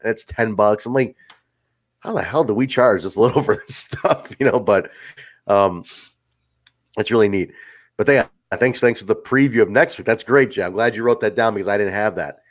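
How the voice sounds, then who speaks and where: Man, podcast co-host, loose chatty delivery, cursing, bursts of excitement. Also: lowish voice, normal speed. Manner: excitable, swears freely, acts out quotes. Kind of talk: casual wrestling review chat.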